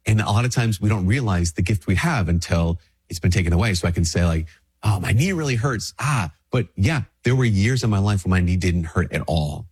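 A priest gives a relaxed spiritual talk with a husky, slightly low voice. He is a little sick with a stuffy nose, and he speaks conversationally, trips over his words and restarts his sentences. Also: a little fast, few pauses. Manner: conversational, with frequent restarts and fillers. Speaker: Catholic priest. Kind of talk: casual spiritual talk to camera.

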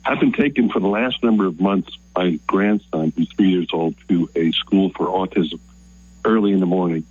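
An older man from Maryland, calling in to a radio show and telling a story in an earnest, emotional, halting way. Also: sits low, darkish tone, husky, dry recording. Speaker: caller. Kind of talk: phoned-in call to a radio show. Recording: dull lo-fi phone line.

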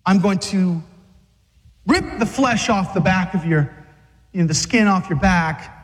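A man voicing a scheming male devil who whispers temptations and then gloats cruelly. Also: sits high. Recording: long reverb of a large hall.

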